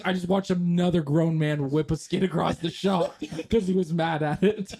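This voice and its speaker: A young man co-hosting a podcast tells rambling workplace stories in a fairly high voice, talking quickly with hardly any pauses. It's a casual storytelling chat, animated and full of swearing, and he acts out the quotes.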